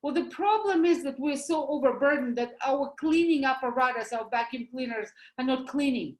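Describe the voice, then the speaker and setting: A woman with a Russian accent gives a lively talk as a doctor, asking questions and answering them herself with homely comparisons. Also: high-pitched, normal speed, echoey room, rough recording. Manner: animated, uses homely comparisons, asks and answers her own questions. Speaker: doctor promoting supplements.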